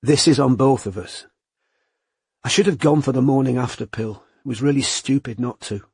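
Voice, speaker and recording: A man voicing a young woman detective in a hospital bed, quiet and tight-throated. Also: mid-range voice, moderate pace, creaky, slightly rough, no room sound. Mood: shaky.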